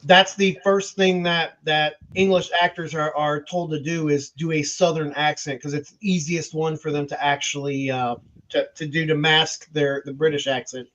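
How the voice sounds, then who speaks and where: A man's voice: a little high, little pitch movement, moderate pace, a bit bright, muffled recording. A man explaining things hesitantly in casual chat, with many restarts. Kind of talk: casual group chat on a stream.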